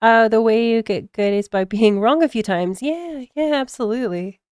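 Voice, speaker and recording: Smooth-voiced American woman chatting. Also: a little high, darkish tone, dry recording, studio quality. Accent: General American. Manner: halting, many fillers, frequent laughs. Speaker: streamer. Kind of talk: casual stream chat.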